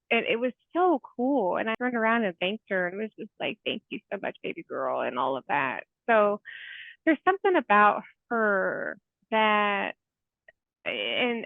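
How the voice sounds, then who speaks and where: A woman in her forties, a therapist guest in a casual interview, talking in a chatty, heartfelt way with many fillers and soft laughs. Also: mid-range voice, dry recording. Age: 40s. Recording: tinny phone-like call audio.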